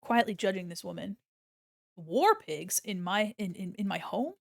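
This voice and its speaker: A woman's voice: mid-range voice, expressive, unhurried, gravelly, no echo, clean studio sound. A young woman streaming while she draws, chatting casually, rambling, laughing often and swearing freely. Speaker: art streamer. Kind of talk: casual live-stream chat while drawing.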